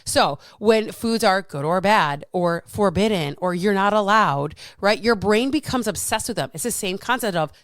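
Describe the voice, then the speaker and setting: Woman coach in her 30s or 40s, blunt and animated, cusses a lot, dry close mic. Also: mid-range voice, normal speed, few pauses, dry recording. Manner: frank, animated, swears freely. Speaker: fitness coach. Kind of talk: casual solo talk.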